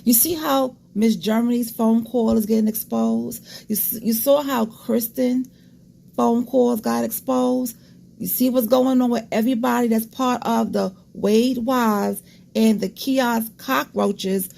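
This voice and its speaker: A woman's voice: on the high side, vocal fry, darkish tone. A woman hosting a casual commentary vlog, talking straight to her viewers with blunt, disgusted asides. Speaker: commentary channel host.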